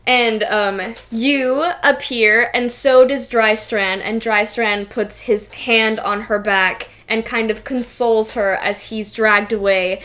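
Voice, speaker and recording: Slow-talking woman game master. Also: a little high, fairly even intonation, fairly bright tone. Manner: casual, filler-heavy narration. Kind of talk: narrating a tabletop game.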